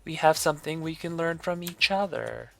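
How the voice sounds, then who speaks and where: A man's voice: fairly high pitch, normal speed, gravelly, voice pushed up. A man doing a chirpy young girl. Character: cheerful young girl, friendly.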